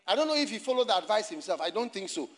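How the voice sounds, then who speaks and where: A man preaching a sermon in a church, animated and often shouting and laughing as he addresses the congregation and online viewers. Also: high voice, racing. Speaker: pastor.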